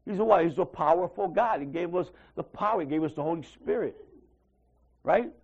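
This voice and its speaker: A man's voice: fairly high pitch, a little fast, vocal fry, husky, highs cut off. A man giving a casual sermon, talking conversationally and acting out little dialogues with God, often checking in with "right?". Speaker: preacher.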